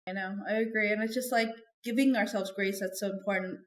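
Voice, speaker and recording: A woman's voice: mid-range voice, fairly even intonation, fast. A woman guest in a podcast interview, talking in a chatty, earnest way and filling her sentences with "like". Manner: chatty and earnest, heavy use of "like". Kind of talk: candid conversational interview. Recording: echoey room.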